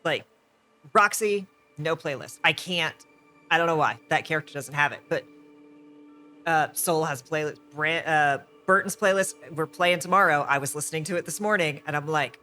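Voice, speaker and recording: A man's voice: fairly high pitch, moderate pace, sharp tone, soft background music. A man co-hosting a podcast in casual chat, enthusiastic and rambling, often correcting himself mid-sentence. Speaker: podcast co-host. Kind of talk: casual chat about tabletop role-play.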